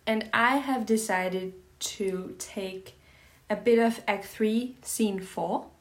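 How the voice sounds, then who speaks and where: A woman's voice: medium pitch, steady tone, takes it slowly. A woman co-hosting a podcast in casual chat, giggly and full of fillers. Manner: giggly, chatty, many fillers like "like" and "uh". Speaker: podcast co-host.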